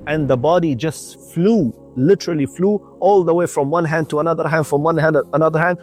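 This community radio storyteller has a fairly high-pitched, somewhat dark-toned voice. He narrates a religious story over the air, returning to the same phrases again and again and sprinkling in Arabic religious terms.

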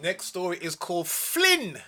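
A young male storyteller reading his own children's story aloud, shouting out the characters' lines. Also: sits high, sing-song, measured pace, over loud music.

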